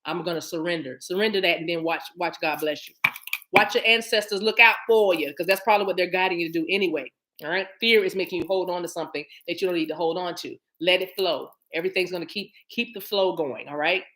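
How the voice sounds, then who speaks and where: A woman's voice: fairly low pitch, fast, fairly bright tone. A woman doing a live-streamed oracle card reading, reading card text aloud and then talking it over with her viewers in a chatty, familiar way. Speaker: spiritual card reader.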